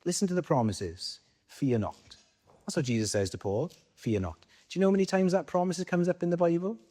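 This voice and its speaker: A man with a Welsh accent preaches a sermon conversationally, putting questions to the congregation and answering them himself. His voice is high-pitched and warm, and he speaks fast.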